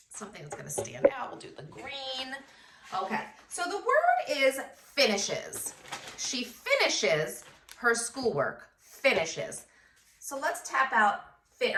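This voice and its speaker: A woman's voice: medium pitch, fairly bright tone, recorded from a distance, a little hiss or hum. A first grade teacher, a woman, giving a patient phonics lesson and sounding out words syllable by syllable. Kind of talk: slow phonics lesson for children. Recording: echoey room, voice off-mic.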